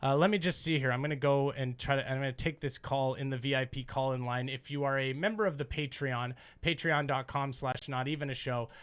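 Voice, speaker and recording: A man's voice: mid-range voice, steady tone, a little fast, few pauses, fairly bright tone, clear, resonant tone. A man hosting a call-in show, chatting casually and joking with callers. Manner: loose, joking, swears casually. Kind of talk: casual call-in radio-style chat.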